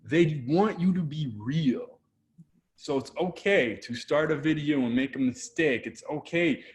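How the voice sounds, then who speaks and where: This guest photographer, a man with a Canadian accent, speaks at a measured pace in a fairly high voice. During a casual video interview he's lively and animated, acting out quotations.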